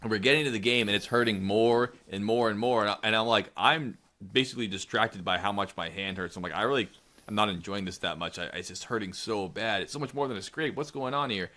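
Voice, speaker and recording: A man's voice: on the low side, fast talker, bright, forceful tone. A young man in his twenties co-hosting a podcast, telling a rambling, profane story and acting out the quotes. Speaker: podcast co-host. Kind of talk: casual storytelling chat.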